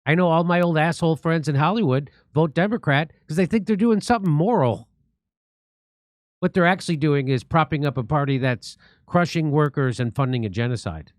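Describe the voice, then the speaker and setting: A male livestream host riffing on politics with biting sarcasm and open indignation. His voice sits a little high for a man. The sound is dry and close to the mic. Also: a little fast, no room sound. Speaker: show host.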